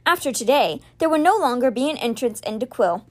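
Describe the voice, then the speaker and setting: A woman voicing a cold, sneering young male high priest who talks down to his brother. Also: lively intonation, fairly quick. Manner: sneering and cool.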